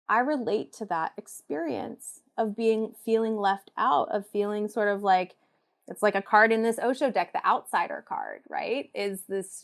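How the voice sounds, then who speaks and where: A woman on a podcast telling a story from her own life, in a reflective, searching way. Her voice sits at a middle pitch, and she leans on loose fillers as she thinks aloud. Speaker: podcast guest. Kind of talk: casual conversation.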